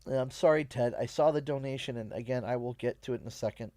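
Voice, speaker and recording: Young canadian guy on stream, choked up and halting, dry close mic. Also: medium pitch, warm tone, no room sound. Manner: halting, emotional, pausing often. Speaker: livestream host. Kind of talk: emotional storytelling on a game stream.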